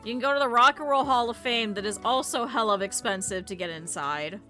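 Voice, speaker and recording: A woman streamer telling stories in casual, animated, profane talk, laughing often. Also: fairly high pitch. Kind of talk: casual livestream storytelling.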